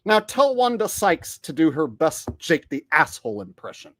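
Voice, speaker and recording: A man's voice: on the high side, very animated, normal speed, a bit bright, dry recording, clean studio sound. A man hosting a casual commentary monologue, sardonic and conversational. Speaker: commentary channel host.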